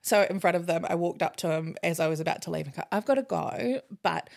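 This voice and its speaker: A young woman, co-hosting a podcast and telling a story in casual, animated chat with plenty of swearing. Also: fairly low pitch, rapid-fire, gravelly. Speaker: podcast co-host.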